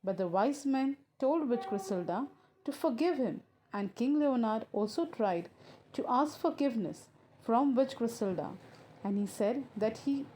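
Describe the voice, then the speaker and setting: Brief: woman teacher, slightly high voice, patient explanations for children. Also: lively intonation, dark tone, slight background noise. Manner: slow, explanatory, repeats "students". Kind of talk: explaining a story lesson to young pupils.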